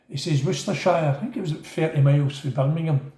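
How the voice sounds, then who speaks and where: A man's voice: fairly high pitch, fast. A middle-aged man with a Glaswegian accent telling a casual, rambling story and acting out the voices of other people. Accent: Scottish, Glaswegian. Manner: rambling, animated, acts out quoted voices. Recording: echoey room.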